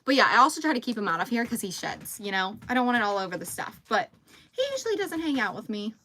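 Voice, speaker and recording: A woman's voice: fairly high pitch, big pitch swings, fast talker, sharp tone, slight background noise. A woman, chatting casually on a livestream at home while she crochets. She rambles, reads out viewer comments and talks to her dog. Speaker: livestream host.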